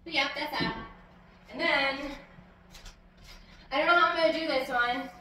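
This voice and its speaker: A woman chatting casually as a plant vlogger, talking loudly, giggling, swearing and talking to her plants at home. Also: sits high. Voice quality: loud, close to yelling. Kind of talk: casual chat. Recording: echoey room with faint background noise.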